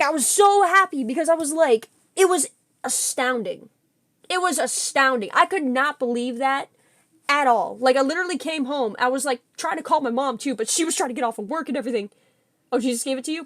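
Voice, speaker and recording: A young woman streamer chatting casually with her viewers, telling a story in an excitable, giggly way. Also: high-pitched, moderate pace, no echo, clean studio sound. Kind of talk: casual livestream chat with viewers.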